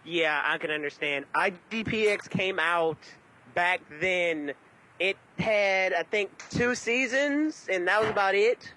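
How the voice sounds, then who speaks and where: A man's voice: high voice, a little slow, pushed and bright, low-quality recording. A man co-hosting a casual podcast, rambling and restarting as he explains. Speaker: podcast co-host.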